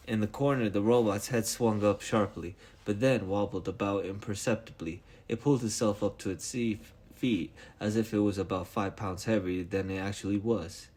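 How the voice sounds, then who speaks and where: A man narrates a novel aloud in a low voice. He reads along casually, tripping over a word now and then and starting it again. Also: a little mellow. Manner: reads with small stumbles and restarts. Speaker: reader. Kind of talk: read-aloud book narration.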